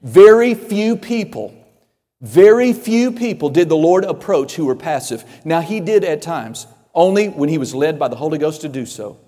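A man preaching a sermon with fervor, building to shouts and acting out voices of Bible figures. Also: fairly high pitch, animated, moderate pace, big-room sound.

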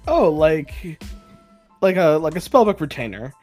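Lively, playful conversation partner. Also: mid-range voice, faint music behind. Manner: playful, encouraging, quick to riff on ideas. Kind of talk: casual chat.

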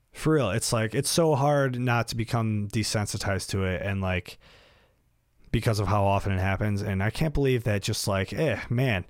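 A man's voice: on the low side, no room sound, clean studio sound. Rambling, reflective young man. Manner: rambling, reflective, many fillers and restarts. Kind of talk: casual personal monologue.

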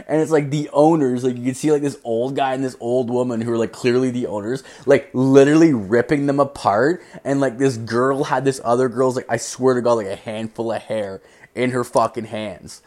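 A man's voice: mid-range voice, steady tone, fairly quick, darkish tone. A man in his thirties hosting a podcast, telling a long profane story in a rambling, crude way with constant filler words. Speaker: podcast host.

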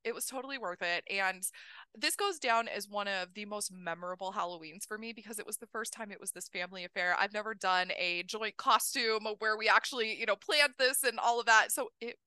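Woman podcaster in her 30s, bright voice, kinda high, bubbly storytelling, dry close mic. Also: a little fast, clear, resonant tone, no room sound. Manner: animated, laughing, acts out quoted voices. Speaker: podcast host. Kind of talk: casual storytelling to listeners.

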